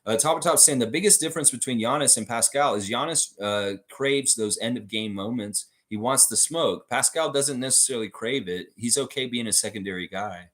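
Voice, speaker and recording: A man's voice: mid-range voice, brisk, hardly any pauses, fairly bright tone. A man hosting a live-stream sports chat. He reads viewer comments aloud and gives blunt, opinionated replies into a desk microphone. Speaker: host of a fan channel live stream.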